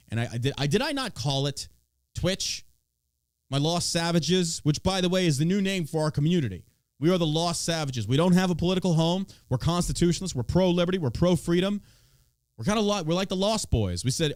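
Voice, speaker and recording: A man's voice: a little high, expressive, a little fast, no echo, studio quality. A man hosting a podcast, ranting casually about politics in a profane, sarcastic way. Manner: profane, sarcastic, swinging between loud and mocking. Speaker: podcast host.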